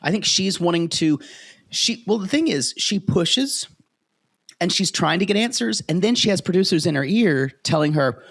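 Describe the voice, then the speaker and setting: A man's voice: high-pitched, lively intonation, moderate pace, a bit bright. A man co-hosting a casual podcast, chatty and opinionated, who often slips into quoting other people. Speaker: podcast co-host.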